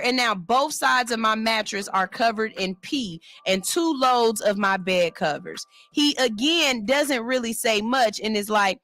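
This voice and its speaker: A woman radio host, reading a listener's story aloud and reacting with sassy, animated commentary in a studio. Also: on the high side, dry recording. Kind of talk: casual radio chat reading a listener post. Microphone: studio mic.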